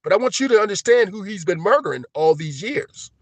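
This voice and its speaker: Agitated ranting man, high-pitched. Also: expressive, fairly quick, no echo. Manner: swings between shouting and low, emotional muttering. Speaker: livestream host. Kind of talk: ranting monologue on a live stream.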